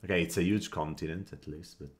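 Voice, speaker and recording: Deep-voiced male game commentator at his desk mic, musing and tallying out loud, short bursts of frustration. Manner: thinks aloud, counts under his breath, quick flashes of annoyance. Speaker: gameplay commentator. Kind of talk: casual strategy game commentary.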